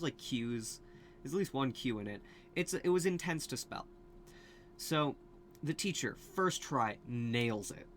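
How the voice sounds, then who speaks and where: A man's voice: medium pitch, a bit bright, a little hiss or hum. Rambling man hosting a casual vlog. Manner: rambling, filler-heavy, many restarts and asides. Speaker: video host.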